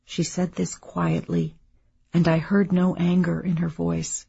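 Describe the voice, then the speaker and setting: A woman narrating a memoir in a measured, subdued reading. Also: fairly low pitch, flat delivery, gravelly, warm tone, slightly rough, highs cut off.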